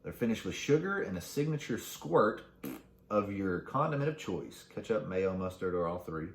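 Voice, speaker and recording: A man's voice: sits low, big pitch swings, moderate pace, reverberant, slight background noise. A man hosting a casual solo podcast, reading facts aloud and cracking crude jokes along the way. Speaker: podcast host.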